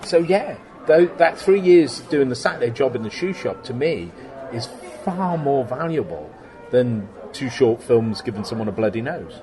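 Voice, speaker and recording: A middle-aged man in a casual interview, telling stories about his workshop in an animated way and acting out the exchanges he quotes, laughing often. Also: mid-range voice, moderate pace, over music. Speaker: guest, special effects workshop owner.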